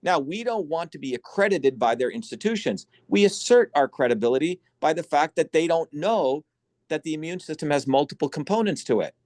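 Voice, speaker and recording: A man hosting an online symposium, lecturing forcefully and bluntly over a video call, swearing for emphasis. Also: a little high, animated, a little fast, no echo. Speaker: symposium host and educator.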